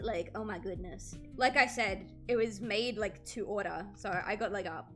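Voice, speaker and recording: A woman's voice: mid-range voice, moderate pace, few pauses, over music. A woman in her twenties chatting casually with her stream while drawing, telling stories with many "like" fillers.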